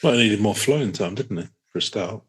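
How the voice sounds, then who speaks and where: A man's voice: lowish voice, expressive, a little fast, husky. A man co-hosting a podcast, joking around in casual banter with quips and some swearing. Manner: jokey, throws in quips and swearing. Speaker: podcast co-host.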